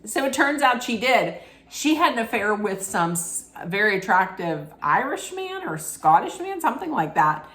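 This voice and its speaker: A woman's voice: mid-range voice, big pitch swings, normal speed, a bit bright. A woman vlogger giving casual, frank commentary on a documentary, telling it like gossip and talking straight to the viewer. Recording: echoey room.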